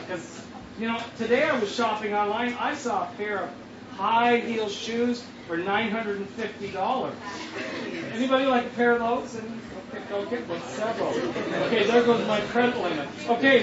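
A man's voice: high-pitched, moderate pace, crowd noise. A man preaching an interactive sermon, playfully bantering with the audience in a large hall. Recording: distant, echoey, dull and noisy room recording.

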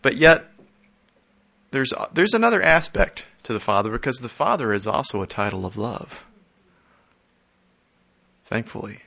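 A man preaching a conversational sermon. He often restarts and repeats his words and chuckles softly. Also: mid-range voice, animated, moderate pace, gravelly, long pauses. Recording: dull lo-fi audio.

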